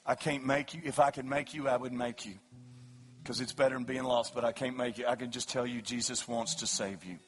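A man preaching an evangelistic sermon at a church service, his delivery swinging from hushed pleading to loud shouting. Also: mid-range voice, fairly even intonation, fairly quick. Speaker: pastor.

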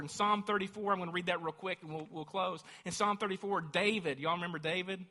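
A man's voice: sits high, steady tone, moderate pace, sharp tone. A man preaching a sermon as a pastor, speaking with fervent emphasis that rises into emphatic declarations. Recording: long hall reverb.

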